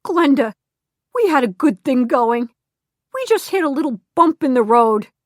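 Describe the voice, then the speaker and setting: A woman voicing a frantic, pleading middle-aged man whose voice goes shrill and cracks, on an audiobook. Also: normal speed, no echo, clean studio sound. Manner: shrill, breathless, cracking with excitement.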